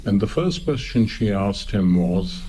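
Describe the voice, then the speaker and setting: An older man from Pakistan giving a public lecture in a slow, measured, digressive way. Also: on the low side, lively intonation, warm tone, breathy edge, rough recording.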